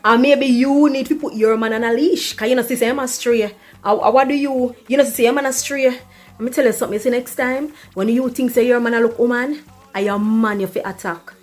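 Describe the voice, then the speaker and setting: A woman's voice: on the high side, fairly even intonation, a little fast, soft background music, close to an everyday voice. A woman voicing a blunt, unbothered young Jamaican woman in a comedy skit, lecturing in a patois-laced, dismissive way.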